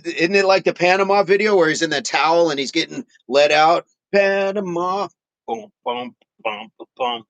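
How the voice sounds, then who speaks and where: This fitness livestream host has a slightly high, fairly bright voice, captured in a dry recording. He banters with his audience in a relaxed way, reads their comments out loud, laughs a lot, and tends to say the same phrases again.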